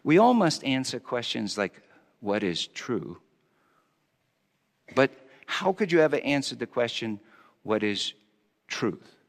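A man's voice: medium pitch, very animated, a little slow, pauses often, in a large hall. A man playing Pontius Pilate as a conflicted Roman governor, speaking a stammering, confessional monologue in character. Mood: brooding. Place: church hall.

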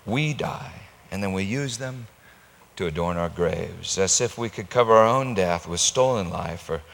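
A man preaching a sermon, telling a story slowly and acting out quoted voices, sometimes rising to loud high-pitched pleading. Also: lively intonation, gravelly, big-room sound.

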